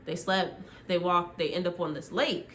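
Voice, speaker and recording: A young woman vlogger casually retelling a TV show into her phone, rambling and full of "like" as she acts out quick quotes. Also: fairly low pitch, steady tone, fairly bright tone, slight background noise.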